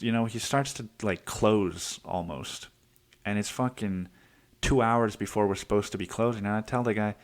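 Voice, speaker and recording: A man in his twenties telling a heated workplace story on his podcast, swearing often and acting out what people said. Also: on the low side. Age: 20s. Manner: profane, heated, acts out quotes. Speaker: podcast host. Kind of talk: casual storytelling monologue.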